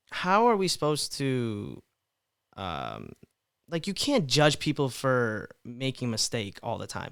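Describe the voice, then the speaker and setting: A twenty-year-old man talking as a guest in a casual podcast interview, animated and rambling, often repeating words. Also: mid-range voice, clean tone, no room sound, studio quality. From Mid Michigan.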